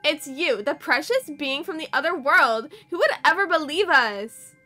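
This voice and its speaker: Creepy bossy teen sisters, put on by a woman, high, bright, drawn-out and taunting. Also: expressive, faint music behind. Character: two eerie teenage sister girls, smug and bossy.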